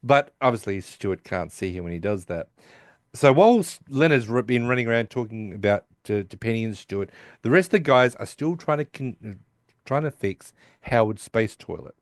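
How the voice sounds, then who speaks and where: A man's voice: lowish voice, animated, moderate pace, no echo, clean studio sound. A man co-hosting a podcast, casually retelling a TV episode and acting out the characters' lines with restarts and asides. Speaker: podcast co-host recapping an episode. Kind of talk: casual chat.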